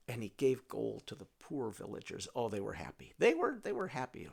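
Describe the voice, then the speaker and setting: A man telling a folktale in a playful, animated way, with a gravelly voice. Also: medium pitch, fairly quick, hardly any pauses. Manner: playful, animated, talks to his donkey. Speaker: storyteller.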